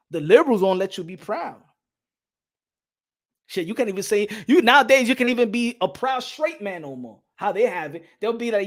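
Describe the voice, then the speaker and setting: A man hosting a boxing podcast in a loud, animated rant, laughing and swearing often. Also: very high voice. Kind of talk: casual livestream rant.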